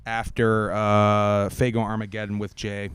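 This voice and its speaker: A man with a low, very smooth voice talks casually while introducing and commenting on clips. The sound is dry and close. He pauses with fillers as he thinks. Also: no echo. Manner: relaxed, thinking aloud with fillers. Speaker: podcast host.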